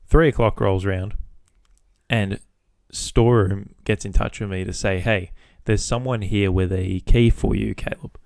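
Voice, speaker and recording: A man's voice: on the low side, fairly even intonation, a little slow, creaky, darkish tone, no echo, studio quality. A man hosting a podcast, telling a casual story about his workday with swearing, acting out both sides of phone calls. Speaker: podcast host.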